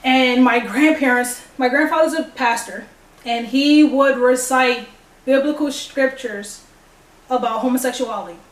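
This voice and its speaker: Young woman, kinda high voice, telling her story all animated, roomy sound from away from the mic. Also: a little slow. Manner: animated, acts out dialogue. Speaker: vlogger. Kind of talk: personal storytelling. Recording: echoey room, distant mic.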